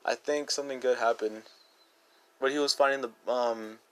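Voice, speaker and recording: A man talking through movie rankings in a loose, unscripted way. He rambles and restarts, leans hard on "like" and "dude", and sounds eager. His voice sits at a middle pitch for a man. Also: fairly even intonation, normal speed, fairly bright tone. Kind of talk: casual movie review.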